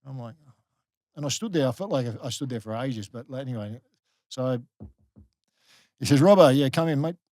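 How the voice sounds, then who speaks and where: A man's voice: medium pitch, moderate pace, pauses often, darkish tone, no echo. Australian man, middle-aged, chatty storyteller, fillers and restarts, dry close recording. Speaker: guest, former rugby league player. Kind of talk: casual storytelling in a podcast interview.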